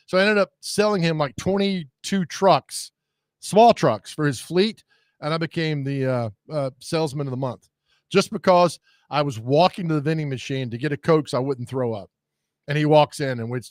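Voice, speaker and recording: A man's voice: on the high side, brisk, no echo, clean studio sound. A man hosting a radio show, telling rambling, jokey stories in casual chat.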